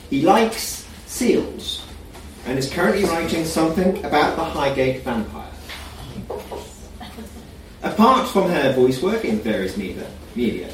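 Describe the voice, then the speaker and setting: A man's voice: a little high, slight background noise. A man hosting a live story reading, introducing the next reader with wry asides. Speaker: host of a story reading event. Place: reading event venue. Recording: echoey room, mic far off.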